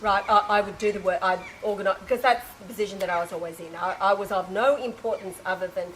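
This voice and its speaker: A woman's voice: mid-range voice, quick pace, a little hiss or hum, rough recording. A woman telling a spiritual story in casual speech, acting out other people's lines and laughing often. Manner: animated retelling, acts out dialogue, laughs often. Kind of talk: casual spoken testimony.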